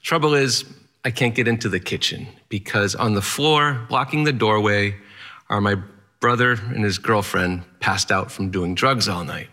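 A man's voice: fairly low pitch, normal speed, pushed and bright. A man performing a first-person story, narrating vividly in the present tense with rhythmic, punchy phrasing.

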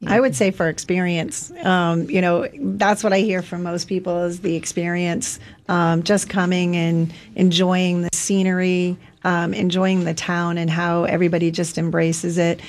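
Chatty woman, low-pitched. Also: moderate pace, hardly any pauses. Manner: relaxed, chatty with many ums. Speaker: executive director of the race, guest. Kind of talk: radio talk show interview. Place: radio studio.

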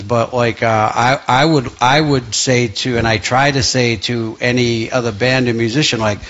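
Passionate musician man, halting speech. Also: mid-range voice, steady tone, a bit bright, highs cut off. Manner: passionate, restarts often, many fillers. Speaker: musician guest. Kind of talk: radio interview.

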